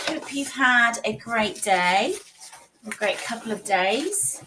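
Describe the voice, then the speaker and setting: Woman, psychic stream host, croaky, casual and chatty, faint background hiss. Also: a little high, lively intonation, slow pace. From United Kingdom. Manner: chatty, greets viewers by name, laughs often. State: croaky with a cold coming. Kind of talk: casual live-stream chat.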